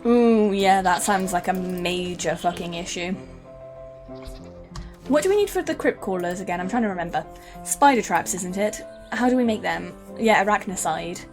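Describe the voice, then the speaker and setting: A woman's voice: mid-range voice, animated, normal speed, music in the background. A young British woman streaming a game, rambling and chatting casually with some swearing. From United Kingdom. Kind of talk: casual gaming stream chat.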